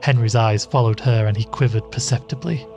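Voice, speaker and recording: A man reading a classic ghost story aloud in a measured storytelling voice. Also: mid-range voice, steady tone. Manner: measured, voicing each character. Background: faint music.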